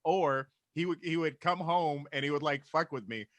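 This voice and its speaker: A man's voice: on the high side, moderate pace, a bit bright, no room sound. A man co-hosting a podcast in casual comedic chat, rambling through stories and swearing freely. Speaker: podcast co-host.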